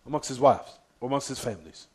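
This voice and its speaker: A man's voice: medium pitch, animated, slightly rough. A man giving a religious lesson, quizzing his class with "what?" prompts and repeating key points. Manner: reads Arabic quotations quickly. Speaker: Islamic teacher.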